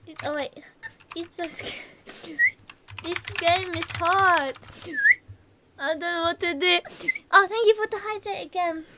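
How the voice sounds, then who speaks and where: A woman's voice: very high voice, steady tone, moderate pace, very noisy. A woman from England chatting on a live gaming stream, easily startled and laughing often.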